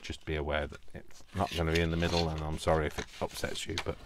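Deep-voiced chatty Yorkshire man crafting. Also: little pitch movement, fast talker, noisy background. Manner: chatty, self-deprecating, talks to himself while working. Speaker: craft video host. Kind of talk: casual crafting tutorial.

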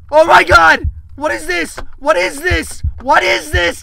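A man's voice: extremely high pitch, normal speed, creaky, bright, forceful tone, slight background noise. A man in his twenties playing a horror game, panicking, repeating words in fear and shrieking. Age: 20s. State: terrified, shaky. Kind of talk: frantic let's-play commentary. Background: game music.

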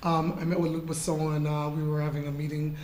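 A woman's voice: deep voice, little pitch movement, fast talker, a little mellow, roomy sound, slight background noise. A woman in her forties from Canada, a model answering interview questions at a live talk in a casual, chatty way, laughing often and using lots of fillers. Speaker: guest model in an artist talk. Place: event room with an audience.

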